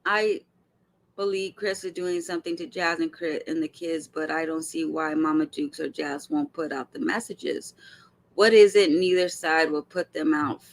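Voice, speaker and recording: A woman hosting casual reaction commentary, talking straight to her viewers in a blunt, animated way and swearing freely. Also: low-pitched, normal speed. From Arizona. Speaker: commentary host.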